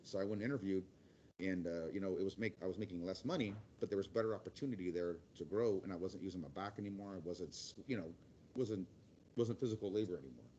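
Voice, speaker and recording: A man's voice: low-pitched, fast, warm tone, highs cut off, slight background noise. A middle-aged man giving a casual career talk as a guest speaker, rambling and acting out quotes in other voices.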